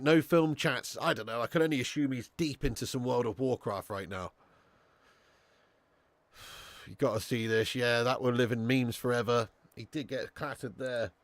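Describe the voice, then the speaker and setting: A man hosting a live football watch-along stream, chatting with viewers, swearing and getting excitable. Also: mid-range voice, dry recording.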